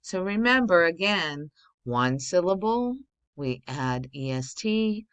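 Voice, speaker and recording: A woman teacher walks young pupils through a recorded grammar lesson. Her voice sits low, and she moves along slowly and patiently, checking in with frequent okays. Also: very animated, a bit bright, clean tone. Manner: patient, explains step by step, many okays.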